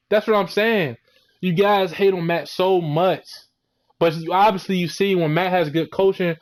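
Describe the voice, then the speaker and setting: Young guy going off about his football team, kinda high voice, slangy and fed up. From Florida. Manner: heated, exasperated ranting with slang and mock quotes. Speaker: sports vlogger. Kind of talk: ranting sports recap.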